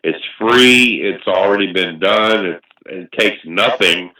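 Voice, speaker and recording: Man, low voice, earnest, reflective, halting restarts, casual religious chat, heavy room echo, off-mic. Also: bright, forceful tone, distant mic.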